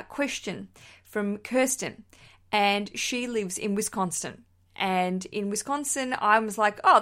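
A woman's voice: medium pitch, fairly bright tone. An Australian woman, likely in her thirties, hosting a wedding podcast in a bubbly, chatty way, laughing often and swearing casually as she reads listener messages.

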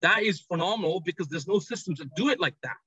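High-voiced British man pitching on a call. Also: animated, pushed and bright, husky, no room sound, lo-fi sound. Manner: enthusiastic, rapid sales pitch. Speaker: company executive. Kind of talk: interview over video call. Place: trade show floor abroad.

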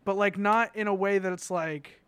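A man's voice: high voice, steady tone, normal speed, a bit bright, smooth, no room sound. A young man hosting a podcast, talking casually and hesitantly with many ums and restarts. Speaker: podcast host. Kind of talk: casual emotional conversation.

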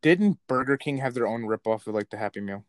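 A man's voice: mid-range voice, animated, fairly quick, no room sound. A young man co-hosting a podcast, telling blunt stories full of swearing. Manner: profane, blunt storytelling. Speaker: podcast co-host. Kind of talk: casual podcast chat.

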